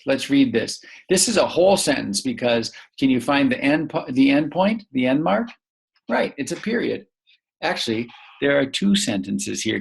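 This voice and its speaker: A man teaching a young English learner, reading a picture book aloud slowly and asking many encouraging questions. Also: mid-range voice, gravelly. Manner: slow, encouraging, full of questions.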